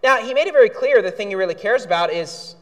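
A man's voice: sits high, animated, fast. A male pastor preaching a sermon, indignant, with outbursts when angry. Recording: reverberant hall.

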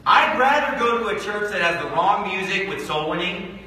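A man's voice: high-pitched, lively intonation, moderate pace, pushed and bright, very echoey, long reverb tail, far from the mic, a little hiss or hum, poor audio. A man preaching a fiery sermon as a pastor, firing off repetitive rhetorical questions with sarcastic asides. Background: congregation calling out amens.

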